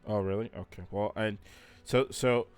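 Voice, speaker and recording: A man's voice: lowish voice, steady tone, normal speed, smooth, faint music behind. A man playing a tabletop role-playing game, playful and stumbling over restarts. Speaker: player.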